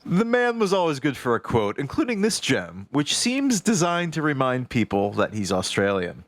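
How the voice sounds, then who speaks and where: A man's voice: medium pitch, sing-song, moderate pace, no room sound. A man co-hosting a podcast, reading his notes aloud as wry, casual storytelling. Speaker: podcast co-host.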